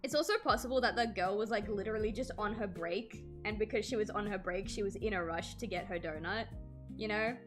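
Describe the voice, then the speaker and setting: A woman's voice: mid-range voice, a little fast, over music. A woman in her twenties chatting casually with her stream while drawing, telling stories with many "like" fillers.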